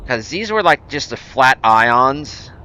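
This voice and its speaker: A male game streamer talks loosely to his viewers, wandering through thoughts with frequent restarts and fillers. His voice is bright and forward with a smooth, clean tone. He is easygoing and pokes fun at himself. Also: medium pitch, big pitch swings, slow pace. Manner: rambling, with many fillers and restarts; easygoing and self-deprecating. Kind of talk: casual gameplay commentary answering chat.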